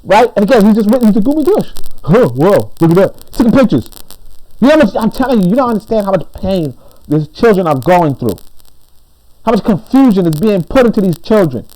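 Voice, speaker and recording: A man giving an impassioned commentary monologue. He preaches emphatically, repeats and restarts his words, and drops lower and calmer when he reads aloud. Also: a little fast, rough recording. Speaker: commentary channel host.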